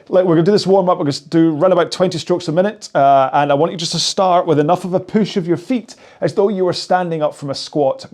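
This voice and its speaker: A man's voice: a little high, darkish tone. A man giving chatty, jokey, encouraging instructions while he rows along on a rowing machine. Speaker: rowing coach. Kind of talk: follow-along workout instruction.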